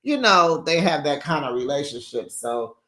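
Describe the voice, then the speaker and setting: A woman's voice: low-pitched, animated, moderate pace, a bit bright. A woman hosting a casual recap show, chatty and sassy, laughing often and acting out quotes. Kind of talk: casual reality-TV recap chat.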